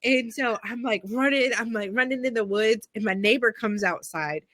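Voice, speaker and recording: A woman with a Southern accent tells a rambling, animated story on a video call. Her voice is bright and sits a little high. The sound is dry and close. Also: normal speed, no echo. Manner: animated, many "like"s and "I'm like", acts out voices in quotes. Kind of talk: casual storytelling chat.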